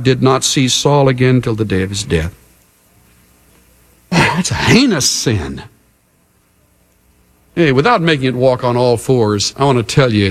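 A middle-aged male pastor preaching a sermon in an earnest way, with unhurried, emphatic pauses. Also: mid-range voice.

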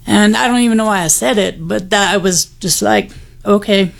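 A woman's voice: mid-range voice, normal speed, gravelly. A woman telling her personal testimony in a candid, wry conversational way. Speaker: guest sharing her testimony.

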